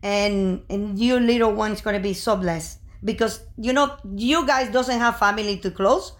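Older mom rambling through an emotional story, keeps restarting, medium voice, chatty. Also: female voice, mid-range voice, moderate pace. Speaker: guest, mother of the host. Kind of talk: casual family chat.

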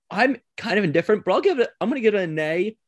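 A man's voice: sits high, expressive, quick pace, no room sound. A man hosting a casual podcast, chatty and rambling, often laughing. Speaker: podcast host.

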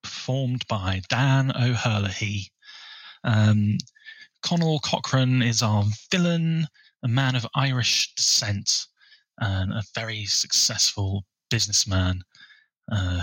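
A man co-hosting a film podcast, measured and informative, steering the conversation. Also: on the low side, fairly bright tone, slightly rough, dry recording. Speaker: podcast co-host. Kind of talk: casual film chat.

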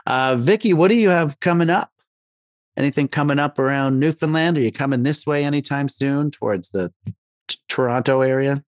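A man's voice: medium pitch, a little fast, no echo, clean studio sound. A male podcast host in a casual chat, friendly and joking with his guests. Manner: friendly, jokey, calls people buddy.

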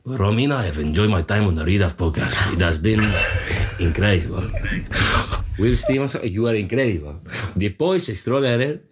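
A man's voice: lowish voice, animated, moderate pace, heavy background noise. A man, a comedian and poet, guesting on a podcast and chatting in a playful, self-mocking way with frequent laughs. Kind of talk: casual podcast chat.

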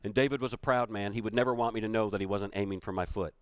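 A man's low voice carries a heartfelt story as a motivational speaker. He presses on key phrases and says them twice for weight. The sound is dry and close, with no room echo. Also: steady tone, fast talker, clean tone. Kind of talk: storytelling keynote speech.

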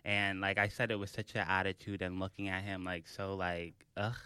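Young male podcast host, low, bright, smooth voice, dry close sound, animated chatty storyteller. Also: a little fast, no room sound. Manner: animated storytelling, many fillers. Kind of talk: casual chat.

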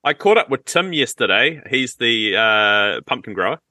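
A man co-hosting a podcast in casual chat, easygoing and quick with joking asides. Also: mid-range voice, expressive, bright, forceful tone, no echo. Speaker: podcast co-host.

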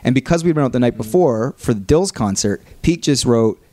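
A man from Canada telling a story in a casual chat, lively and animated, acting out the people he quotes. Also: mid-range voice, a little fast. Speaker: podcast co-host.

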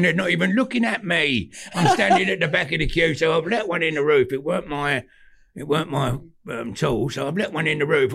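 Older London geezer, raspy gravel voice, animated storyteller on a podcast. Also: male voice, a little high. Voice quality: gravelly, husky. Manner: animated anecdotes, cockney slang, swearing. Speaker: podcast guest, former gangster. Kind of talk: casual storytelling.

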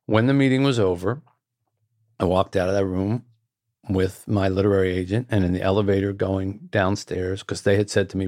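An author and guest telling a story in an earnest way, with repeated phrases and restarts. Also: male voice, fairly low pitch, steady tone, fairly quick, darkish tone, no room sound, clean studio sound. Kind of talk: anecdotal storytelling.

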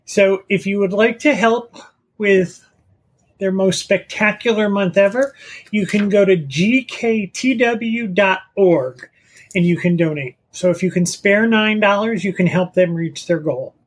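A podcast co-host giving a brisk charity update in casual chat, reading out facts and figures. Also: medium pitch, husky.

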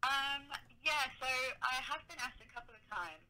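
Bright-voiced British woman, chatty. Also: high-pitched, lively intonation, moderate pace, poor audio. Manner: chatty, leans on filler words. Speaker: podcast guest. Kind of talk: casual interview chat.

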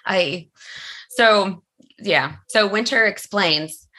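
A woman's voice: on the low side, lively intonation, unhurried, sharp tone. A woman co-hosting a podcast, recapping a book chapter in casual chat and laughing often as she goes. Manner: recaps the story with frequent laughs. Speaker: podcast co-host.

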